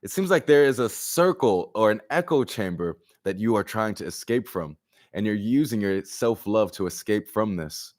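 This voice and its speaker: A man giving a live-streamed collective tarot reading. He talks casually, jokes in slang and swears, and often swings his voice high and loud to act out little exchanges. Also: moderate pace. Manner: animated and profane, acts out exchanges with big jumps in pitch and loudness; slangy and joking. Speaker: tarot reader.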